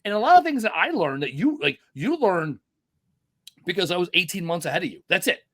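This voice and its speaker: A man's voice: sits high, very animated, fairly quick, fairly bright tone, no room sound, studio quality. A middle-aged man hosting a podcast, telling rambling, profane stories in casual chat. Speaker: podcast host.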